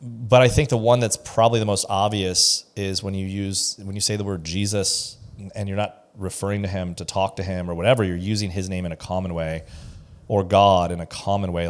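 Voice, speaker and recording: Emphatic male pastor, a bit low. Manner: opinionated, emphatic, acts out quoted voices. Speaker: pastor and podcast co-host. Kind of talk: casual podcast discussion.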